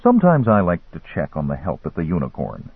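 A man voicing a shrewd male tavern owner who deals in a measured, businesslike way, on a dry, phone-like recording. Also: low voice, huge pitch swings, breathy edge, no room sound, heavily acted. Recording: dry, phone-like narrow sound.

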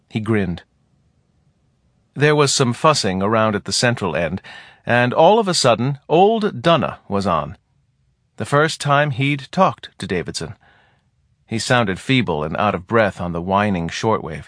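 A man narrating a novel in a steady, plain storytelling manner, recorded close to the mic. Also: on the low side, measured pace, no echo. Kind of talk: audiobook narration.

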